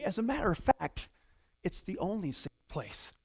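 A middle-aged man preaching a sermon in a conversational, animated way, going from hushed asides to loud outbursts. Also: high voice, normal speed, husky. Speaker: pastor.

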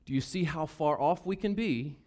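At a moderate pace, a fairly high-voiced pastor with a Southern US accent works through his sermon. He stays animated throughout, performing the Bible characters' lines in voices.

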